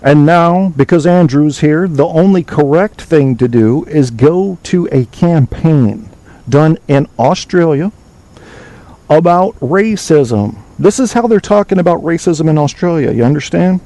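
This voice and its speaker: A man hosts his own talk show, lecturing his listeners bluntly and cursing casually. His voice sits a bit high for a man but sounds mellow and warm. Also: lively intonation, unhurried, low-quality recording. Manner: blunt, preachy, swears freely. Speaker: podcast host. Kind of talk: opinionated call-in show monologue.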